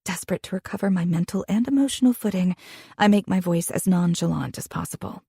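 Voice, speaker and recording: A young woman reading a first-person romance audiobook in an expressive, intimate way, with a husky voice. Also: lowish voice, fast talker, no echo, studio quality. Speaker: audiobook narrator.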